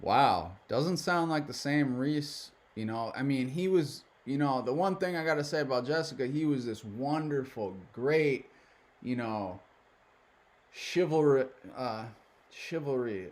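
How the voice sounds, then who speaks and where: A man's voice: medium pitch, measured pace. A young adult man hosting a reaction video, talking in a loose, rambling, profane way. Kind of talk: casual commentary.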